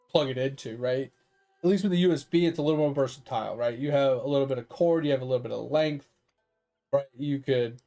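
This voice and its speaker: A man's voice: mid-range voice, mellow. A man streaming games, ranting casually and profanely to his chat. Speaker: game streamer.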